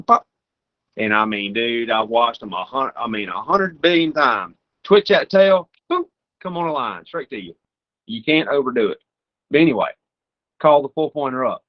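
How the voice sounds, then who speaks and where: A young man from Georgia, talking as a podcast guest. He tells hunting stories with energy and acts out the sounds he describes. His voice sits at an ordinary middle pitch. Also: normal speed, lo-fi sound. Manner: animated, imitates deer sounds and calls. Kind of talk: storytelling hunting advice.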